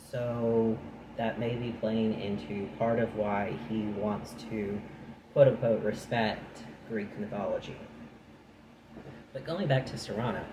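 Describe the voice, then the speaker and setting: A man reading a nonfiction book aloud, breaking off into chatty, dry asides of his own. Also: on the low side. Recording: echoey room with noise.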